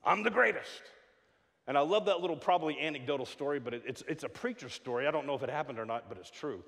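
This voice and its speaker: A middle-aged man preaching a sermon in a church, joking and stammering through quick restarts. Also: mid-range voice. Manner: animated, jokey preaching with frequent stammered restarts. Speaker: pastor. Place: church sanctuary. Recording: long hall reverb.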